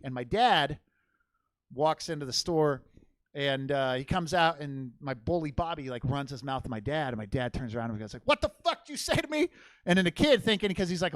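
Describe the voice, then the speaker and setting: Young comic guy, high voice, loud rambly profane storytelling, laughs at his own jokes. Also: no room sound. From Portland, Oregon. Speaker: stand-up comedian. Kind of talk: stand-up crowd work and storytelling. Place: comedy theater stage.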